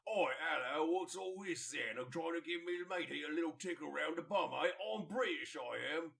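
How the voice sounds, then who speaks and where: A man doing a gruff, leering Cockney thug with a mock Cockney accent, heard from a distance. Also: fairly high pitch, moderate pace, bright, forceful tone, a little hiss or hum.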